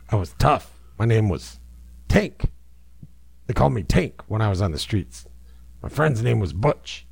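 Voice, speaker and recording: A man's voice: fairly low pitch, big pitch swings, takes it slowly, vocal fry, long pauses, slightly rough, no echo, full character voice. A man voicing a small, tough male street dog who is boastful and crude.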